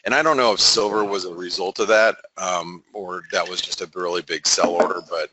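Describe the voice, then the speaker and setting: A man giving casual market analysis, halting with many fillers and restarts. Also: low voice, steady tone, background noise.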